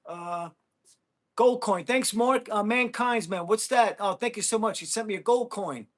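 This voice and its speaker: An American man hosting a casual livestream, chatting with viewers, thanking them and whooping with excitement. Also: high-pitched, unhurried. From United States. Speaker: livestream host.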